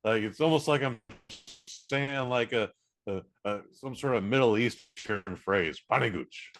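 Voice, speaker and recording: A man's voice: mid-range voice, fairly bright tone. A man co-hosting a comedy podcast, wisecracking and stretching out his punchlines. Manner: wisecracking, drawn-out emphasis. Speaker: podcast co-host. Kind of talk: casual comedy chat.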